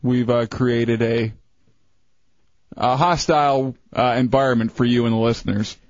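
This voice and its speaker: A man co-hosting a radio show, teasing in a mock-serious, deadpan way. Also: medium pitch, a little slow, no echo. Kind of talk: casual radio banter. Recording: dry, dull lo-fi radio sound.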